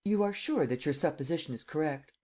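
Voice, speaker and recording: A man reading as a calm, commanding imperial visitor. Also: on the high side, brisk, close to an everyday voice. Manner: calm, even, stating rather than asking. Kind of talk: audiobook character reading.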